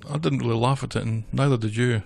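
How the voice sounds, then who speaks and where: A man's voice: mid-range voice, fairly even intonation, quick pace, creaky, darkish tone. A man co-hosting a casual podcast from a small office, making dry remarks while recapping an episode. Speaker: podcast co-host.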